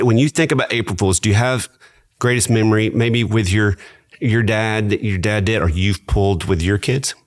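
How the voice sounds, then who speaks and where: A man hosting a podcast, reading an upbeat scripted opening and then moving into relaxed banter with his co-hosts. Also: on the low side. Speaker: podcast host. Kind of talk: casual podcast chat.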